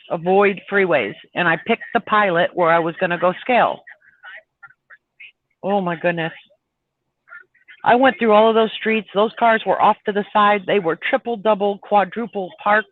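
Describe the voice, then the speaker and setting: A man's voice: high voice, moderate pace, no echo. A man, a truck driver, telling a long road story in a chatty way on a live stream. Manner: chatty, laughing, retells arguments with heat. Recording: tinny phone-like line.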